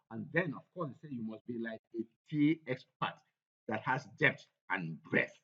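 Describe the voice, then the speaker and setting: A man's voice: mid-range voice, animated, normal speed, a bit bright, dull audio. A man presenting a slide lecture on a course topic, who repeats his points for emphasis. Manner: repetitive, emphatic, restates points.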